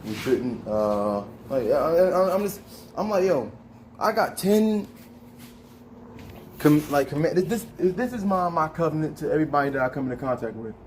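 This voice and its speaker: A man's voice: a little high, expressive, moderate pace, a little mellow, slight background noise. A man hosting a casual spiritual monologue, talking in a slangy, conversational street style. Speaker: host.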